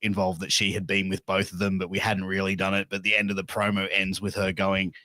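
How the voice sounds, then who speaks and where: A man's voice: deep voice, monotone, brisk, pushed and bright, no room sound. Blunt, profane Australian man. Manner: blunt, profane, rambling storyteller. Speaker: podcast guest, wrestling manager. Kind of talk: casual interview chat.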